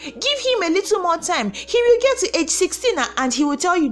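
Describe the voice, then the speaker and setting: A woman's voice: very high voice, very animated, normal speed, soft background music. A woman with a Nigerian accent giving a preachy motivational faith talk to her viewers, acting out quoted voices as she goes. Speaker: motivational vlogger.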